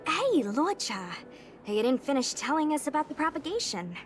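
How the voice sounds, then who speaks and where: A woman's voice: high-pitched, sing-song, moderate pace, faint music behind. An actress playing a frank, slightly naive young woman soldier who speaks bluntly and gets a little flustered, in a game cutscene. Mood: curious. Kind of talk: video game cutscene dialogue.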